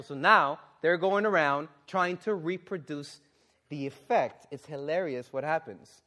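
A man preaching a sermon and reading scripture, exclaiming and questioning the congregation, then dropping to a low, earnest tone for serious points. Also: a little slow. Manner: animated, exclaiming and asking the audience questions.

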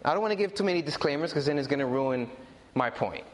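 A man preaching a sermon with a high, very animated voice that rises and falls through every phrase. He talks to the congregation directly, repeating and stressing his key points. The sound carries the long reverb of a large hall. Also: fast talker.

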